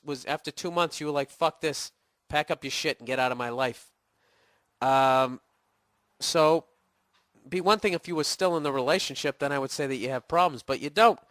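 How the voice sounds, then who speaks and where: A man's voice: a little high, fairly bright tone, no echo, studio quality. A man in his forties with a Boston accent, hosting a podcast and answering listener emails in a profane, sarcastic rant while getting over a cold. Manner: profane, sarcastic, mocking impressions. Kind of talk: casual ranting monologue.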